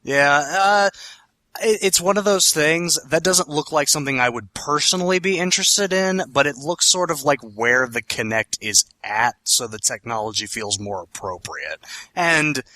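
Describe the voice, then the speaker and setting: A man's voice: fairly high pitch, expressive, moderate pace, sharp tone, dry recording. A man co-hosting a podcast, chatting casually about video games in a rambling, self-correcting, opinionated way. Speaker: podcast co-host.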